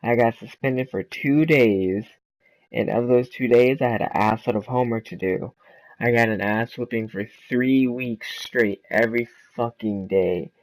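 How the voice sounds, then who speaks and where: A man's voice: mid-range voice, dry recording, low-quality recording. Swearing young man telling a story. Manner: quick, loose and informal, lots of "right?" and "like". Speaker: gaming channel host. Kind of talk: casual storytime vlog.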